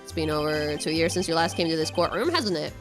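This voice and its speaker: A Finnish-speaking woman voicing a gruff, happy-go-lucky male police chief in a video game, pushing her voice down low. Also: quick pace, fairly bright tone, soft background music. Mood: smug. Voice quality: pushed-down low voice.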